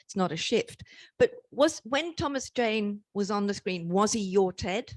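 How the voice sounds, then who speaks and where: A woman's voice: medium pitch, lively intonation, a little slow, dry recording. A woman moderating a panel who strings several probing questions together. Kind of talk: interview questions.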